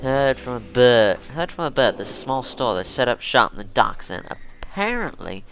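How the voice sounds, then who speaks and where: A man voicing a sly male tipster with a put-on US Southern accent, pitching secrets in salesman patter. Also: sing-song, moderate pace, fairly bright tone, a little hiss or hum. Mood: wheedling.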